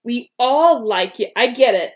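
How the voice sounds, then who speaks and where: A woman's voice: fairly high pitch, lively intonation, unhurried. A woman co-hosting a podcast, casually reading her old fan fiction aloud and stopping to comment on her own writing. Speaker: podcast co-host.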